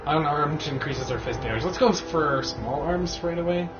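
A man's voice: a little high, normal speed, muffled recording, over music. A man playing a video game with a friend, chatting casually and reading menu text aloud. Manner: chatty, reads game menus aloud, self-mocking. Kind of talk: casual let's-play commentary.

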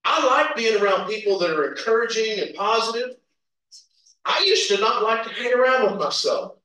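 A man's voice: high-pitched, fairly bright tone. A man preaching a sermon, telling stories with laughs and acted-out quotes. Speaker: pastor. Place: church sanctuary. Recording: roomy echo, from a distance.

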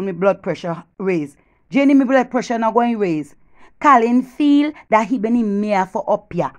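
A Jamaican woman with a bright, somewhat high voice carries a comic one-sided phone call. She gossips with lively energy and swings from loud boasting down to hushed, conspiratorial whispers.

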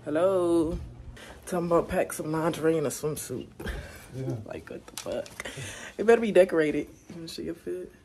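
A woman's voice: sits low, expressive, normal speed, long pauses, darkish tone, a little hiss or hum. A young woman, chatting casually to viewers in her vlog from home, talking straight to the camera. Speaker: vlogger. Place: at home, indoors. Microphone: camera on a stand.

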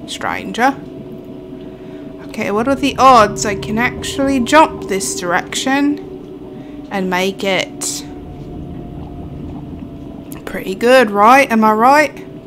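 A woman's voice: on the high side, background noise. A woman streamer giving chatty, jumpy let's play commentary, talking to her viewers and shrieking when startled. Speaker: gaming streamer.

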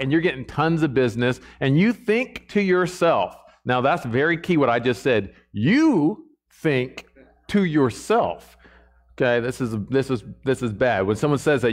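A man preaching a sermon to a church congregation in a conversational way, often checking in with the listeners. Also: a little high.

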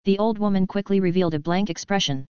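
A woman reading an audiobook as narrator in an even, steady manner. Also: medium pitch, fast, clean tone, no room sound. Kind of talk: scripted narration. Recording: dull lo-fi dry audio.

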